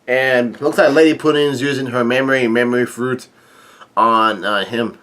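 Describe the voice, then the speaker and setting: Halting man reading a comic aloud. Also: medium pitch, fairly even intonation, fairly bright tone. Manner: halting, many fillers and restarts; reads dialogue aloud with light commentary. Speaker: manga chapter reader. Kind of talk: casual manga read-through.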